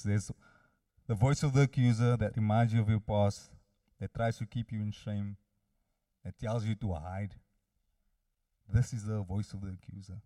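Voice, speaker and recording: A man's voice: on the low side, dark tone, no room sound, clean studio sound, recorded from a distance. A man preaching a sermon, earnestly addressing his listeners directly.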